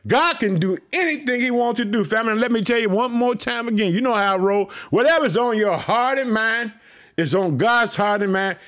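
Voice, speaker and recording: A man preaching to his podcast listeners as pastor, excited and repetitive. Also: very high-pitched. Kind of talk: podcast sermon.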